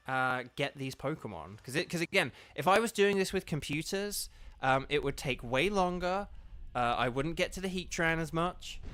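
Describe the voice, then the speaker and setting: A man, a voice actor, giving casual live commentary while streaming a game, chatty with lots of ums and sudden excited bursts. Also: on the high side.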